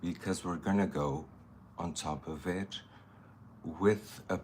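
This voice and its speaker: A male makeup artist chats casually through a makeup tutorial, thinking aloud as he works and greeting viewers. His voice sits low and he speaks slowly, with slight background noise.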